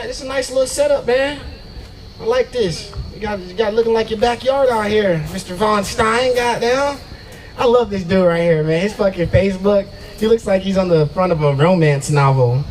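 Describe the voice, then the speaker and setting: A man's voice: high-pitched, a little hiss or hum, rough recording. Profane, loose stand-up comic man. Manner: profane, loose and boastful, laughing at own jokes. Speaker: stand-up comedian. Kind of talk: stand-up comedy set. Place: open mic at a brewery, out of doors.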